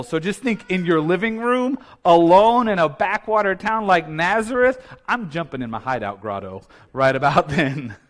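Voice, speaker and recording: Laughing, conversational pastor with a higher voice. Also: male voice. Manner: conversational and playful, laughing often. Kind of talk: sermon.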